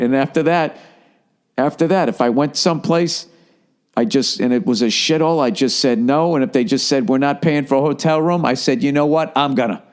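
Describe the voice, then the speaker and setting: Boston guy in his forties, podcast host telling swear-heavy stories, mid pitch. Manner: profane, storytelling, swings from low mumbling to loud. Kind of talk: casual rambling monologue.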